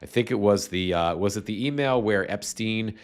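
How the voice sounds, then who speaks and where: A man with a very low voice hosts a casual live political commentary stream. He is sarcastic and rambling, often restarting his sentences. He is getting over a cold and still has a slight cough. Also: normal speed. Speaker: livestream host.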